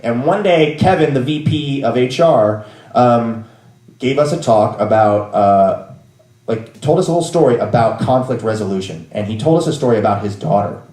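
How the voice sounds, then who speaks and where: A man's voice: mid-range voice, expressive, normal speed, dark tone. Man in his thirties, live comic storyteller, rambling and wry, bursts into rants, roomy venue. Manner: rambling, self-deprecating, bursts into exasperated rants.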